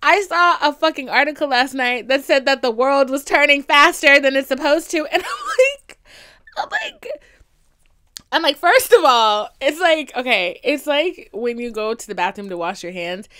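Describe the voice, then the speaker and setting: A young woman hosts a comedic solo podcast, telling stories in a sassy, profane, dramatic way that swings from loud exclamations to hushed whispers. She has a high voice and a moderate pace, with hardly any pauses.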